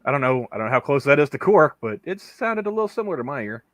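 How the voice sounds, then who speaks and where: This is a man in a casual online chat, co-hosting and thinking out loud. He rambles, restarts sentences and leans on "you know" all the time. His voice sits mid-range and sounds dry, with no room echo. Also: medium pitch, big pitch swings, fast talker. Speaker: podcast co-host.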